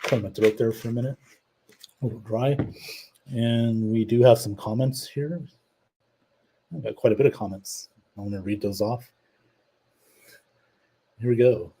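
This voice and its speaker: A man's voice: medium pitch, unhurried, pauses often, mellow, breathy edge, poor audio. A man hosting a live show, chatting casually about his team and reading out viewer comments. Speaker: podcast host. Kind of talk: casual live-stream chat.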